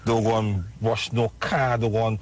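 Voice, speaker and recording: A man's voice: on the low side, little pitch movement, moderate pace. Rallying Trinidadian man calling in. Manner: forceful, rallying, keeps asking "right?". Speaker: radio caller. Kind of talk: call-in radio rant.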